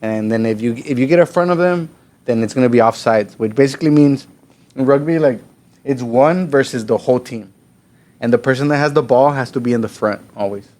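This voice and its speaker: A man's voice: mid-range voice, fairly quick, a little mellow. A man guest on a podcast, telling stories in loose, profane casual chat and now and then slipping into Spanish. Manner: profane, rambling, slips into Spanish.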